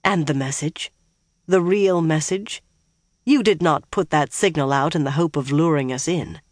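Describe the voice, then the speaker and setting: A woman's voice: sits low, moderate pace, a little mellow, no echo, studio quality, close to an everyday voice. A reader voicing a stern young woman who questions captives curtly. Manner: curt and disgusted, then stiffly grateful.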